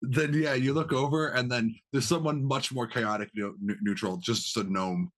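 A man's voice: medium pitch, moderate pace. A man narrating a tabletop game as game master, with casual, filler-heavy narration.

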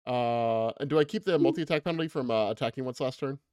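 A man in a tabletop role-playing game who reacts eagerly to every roll. He asks quick questions about the rules in a casual, excited way. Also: mid-range voice, clean tone. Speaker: player.

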